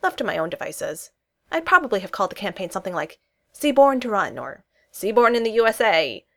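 A woman voicing an earnest, wry male politician in a story reading, speaking in a dry, measured way. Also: mid-range voice, sing-song, vocal fry.

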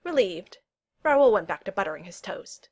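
A woman reading a storybook aloud, giving the characters' lines their own voices. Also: moderate pace. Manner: reads narration evenly and voices the characters' lines with lively pitch jumps. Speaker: audiobook reader. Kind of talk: storybook narration.

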